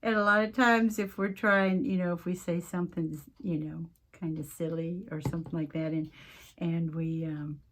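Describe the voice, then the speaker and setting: A woman's voice: fairly low pitch, fairly even intonation, normal speed, background noise. A woman hosting a casual craft tutorial, chatting and rambling as she works, often interrupting herself. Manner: mentions her accent coming and going. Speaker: craft video host.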